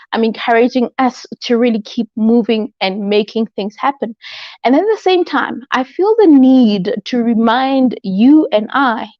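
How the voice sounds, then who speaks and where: A woman's voice: a little high, darkish tone, no room sound. A woman hosts a motivational livestream, chatting to viewers, reacting to their comments and repeating her key phrases. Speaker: host. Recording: dull lo-fi livestream audio.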